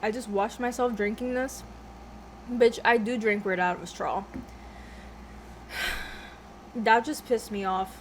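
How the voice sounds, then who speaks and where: A woman's voice: fairly high pitch, steady tone, measured pace, pauses often, slight background noise. A young woman vlogging at home, chatting casually while she eats, rambling off topic, swearing often and laughing a lot. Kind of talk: casual mukbang chat.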